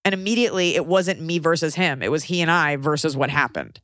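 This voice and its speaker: Low-voiced woman telling a story, animated. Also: fast talker, no room sound. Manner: animated, acts out quoted voices, frank and profane. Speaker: podcast host, comedian. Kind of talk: casual storytelling chat.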